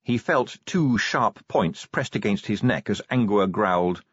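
Low husky man narrating a story. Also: animated, measured pace, hardly any pauses, no echo, muffled recording. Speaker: audiobook narrator. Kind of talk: scripted narration.

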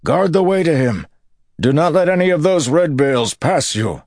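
A man's voice: fairly high pitch, lively intonation, normal speed, darkish tone, no echo, clean studio sound, voice pushed up. A man voicing a burly young warrior who roars commands in the middle of a battle, read as part of an audiobook. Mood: roaring. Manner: roaring, commanding. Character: burly young male warrior roaring orders.

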